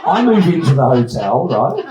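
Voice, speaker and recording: A man's voice: mid-range voice, big pitch swings, normal speed, over a noisy crowd. An older man from Australia telling a rambling story to a live audience, with many "you know" tags. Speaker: guest speaker. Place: retreat presentation room, indoors. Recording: echoey room with a live audience.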